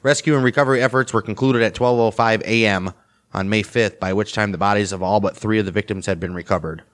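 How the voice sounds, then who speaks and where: A man co-hosting a podcast, reading history aloud with quick joking asides. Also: fairly low pitch, steady tone. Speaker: podcast co-host. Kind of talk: reading history and casual chat.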